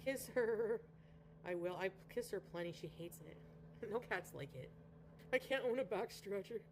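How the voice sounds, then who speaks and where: A Canadian woman with a mid-range, slightly mellow voice chats casually on a livestream at a moderate pace, rambling, reading viewer comments, and greeting viewers by name. Slight background noise can be heard.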